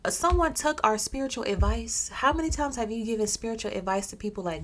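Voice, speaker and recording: A woman's voice: on the high side, fast. A woman telling a story in a casual, chatty way with personal asides.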